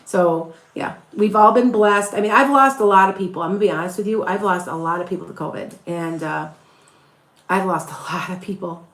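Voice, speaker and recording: A woman's voice: mid-range voice, a little fast, a bit bright, echoey room. A middle-aged woman from near Chicago with a slight Wisconsin accent, a psychic chatting casually and rambling through live readings for viewers. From northern Illinois, near Chicago. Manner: chatty, rambling, with frequent restarts and laughs. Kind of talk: casual live-stream chat answering viewer questions.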